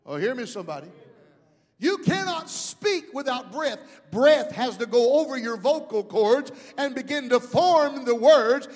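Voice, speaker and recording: A middle-aged male pastor preaching a sermon, calling out to the congregation and rising into shouts. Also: very high-pitched, animated, a little slow, few pauses, in a large hall. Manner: preaching with call-outs to the congregation.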